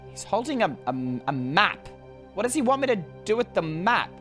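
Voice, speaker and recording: A woman giving chatty, animated let's-play commentary to her viewers, often exclaiming in excitement. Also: medium pitch. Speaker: gaming video creator.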